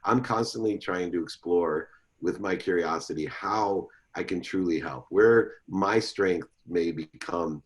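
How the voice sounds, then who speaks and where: Low-voiced middle-aged guy telling stories on an interview, gets loud and animated, does little voices for people. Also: unhurried. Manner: animated, acts out quoted voices with big pitch jumps. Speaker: guest. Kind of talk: storytelling interview talk.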